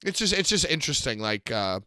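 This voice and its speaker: A man co-hosting a podcast, rambling excitably about wrestling and swearing as he goes. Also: medium pitch, a little fast, clear, resonant tone, no room sound, clean studio sound. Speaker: podcast co-host. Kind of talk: casual wrestling chat.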